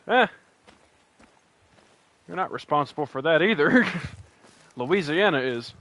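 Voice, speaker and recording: A man's voice: a little high, animated, slow, pauses often, fairly bright tone. Rambling West Virginian man streaming a game. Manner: rambling, joking, many restarts. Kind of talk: casual gameplay commentary.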